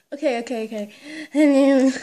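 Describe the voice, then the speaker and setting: A woman chatting excitedly while unboxing a toy haul, gushing and squealing, then dropping to hushed whispers. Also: high voice, a little hiss or hum. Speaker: toy collector vlogger.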